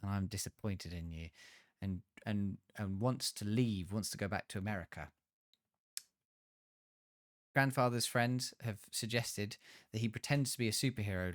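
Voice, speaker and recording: A man's voice: on the low side, no echo, clean studio sound. Man recapping a film plot, swearing freely. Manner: rambling, swearing storyteller who restarts often. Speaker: podcast co-host reviewing films.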